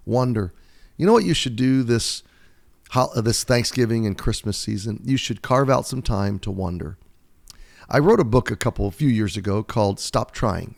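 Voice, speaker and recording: A man in his fifties, an American devotional Bible teacher, giving an earnest, heartfelt, unhurried talk and reading aloud. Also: lowish voice, gravelly, a little mellow. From United States. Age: 50s.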